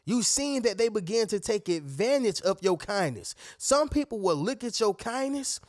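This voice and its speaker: With a sing-song voice at moderate pace, a man delivers a motivational talk straight to camera in clean studio sound with no room noise. He's emphatic and preachy, calls viewers "y'all" and "family," and imitates other people's lines in a higher pitch.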